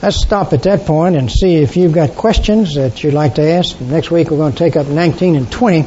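An older man leads a Bible study class in a somewhat high, mellow voice. He halts often, filling pauses and clearing his throat. The recording is dull and lo-fi, with a faint rumble underneath. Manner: halting, many uh fillers and throat clearing.

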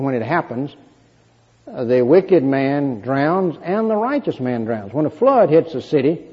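Husky man teaching scripture in a hall. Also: a little high. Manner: measured, explanatory, reads scripture aloud. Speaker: Bible teacher. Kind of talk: Bible lesson. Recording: muffled recording in a reverberant hall.

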